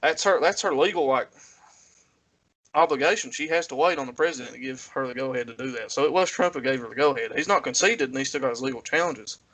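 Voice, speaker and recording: A man's voice: medium pitch, fast, fairly bright tone, poor audio. A man hosting a podcast, moderating the chat, handing turns to others and teasing his co-hosts. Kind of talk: casual political chat.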